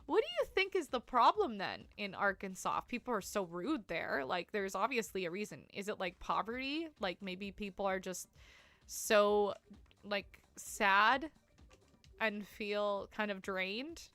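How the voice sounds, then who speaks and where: A woman streamer with a bright, forceful voice, caught up close and dry with no room sound. She rambles through casual gameplay commentary, peppering everything with "like" and laughing often. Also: medium pitch, expressive, measured pace, no room sound. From Canada. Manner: chatty, rambling, full of "like" fillers, laughs often.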